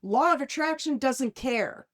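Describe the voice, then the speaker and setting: Woman life coach co-hosting a podcast, animated and chatty, slightly high voice, keeps checking in with "right?". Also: a little slow. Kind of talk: casual podcast conversation.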